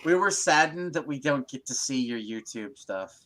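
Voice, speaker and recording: Joking mid-pitched man co-hosting. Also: lively intonation. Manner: joking, dark humor, quick to laugh. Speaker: stream co-host. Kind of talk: casual profane chat.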